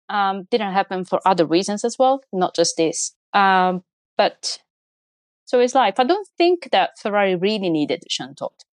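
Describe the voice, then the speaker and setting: Woman, lowish voice, dry close sound, casual chatty podcast guest who laughs easily. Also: no echo. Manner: chatty, laughs often, many restarts. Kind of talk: casual chat.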